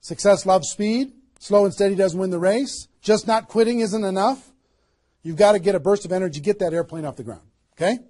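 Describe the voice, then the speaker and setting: Speaking a little fast in a high voice, a network marketing trainer energetically drives home his motivational seminar, peppering the live audience with rhetorical questions.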